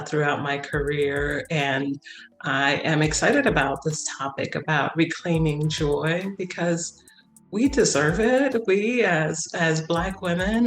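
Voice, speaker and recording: Earnest woman nurse in a roomy room. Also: sits low. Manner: earnest, emphatic, repeats phrases for effect. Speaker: labor and delivery nurse leader, guest. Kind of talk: interview conversation. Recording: roomy echo, faint music.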